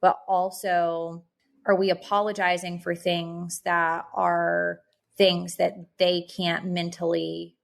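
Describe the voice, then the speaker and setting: A woman in her thirties muses on a podcast in a rambling, reflective way, full of fillers. Her voice is low and gravelly, with a flat, even delivery. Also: takes it slowly. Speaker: podcast co-host. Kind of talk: casual podcast chat.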